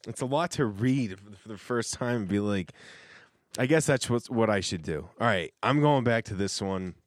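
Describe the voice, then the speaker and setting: Slow-talking man, rambling and casual. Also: lowish voice, lively intonation, no room sound, clean studio sound. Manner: rambling, self-interrupting, laughs often. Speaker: host reading messages from coworkers. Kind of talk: casual chat.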